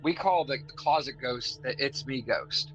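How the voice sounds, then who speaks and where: A man's voice: medium pitch, normal speed. A man from Arkansas co-hosting a casual podcast, a laid-back storyteller who fills his talk with fillers. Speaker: podcast co-host. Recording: dull lo-fi audio with loud music behind.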